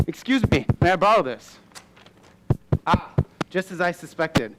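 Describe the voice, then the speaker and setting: A man's voice: high voice, expressive, unhurried, very noisy. A young man playing a know-it-all lecturing scholar. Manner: explanatory, lecturing. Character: know-it-all male scholar, Master Romano. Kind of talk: high school stage play.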